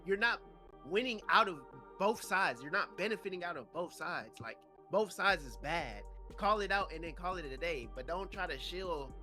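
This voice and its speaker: Animated slangy young man, bright voice. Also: on the high side. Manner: animated, slangy, mocking imitations. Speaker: podcast co-host. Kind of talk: casual chat.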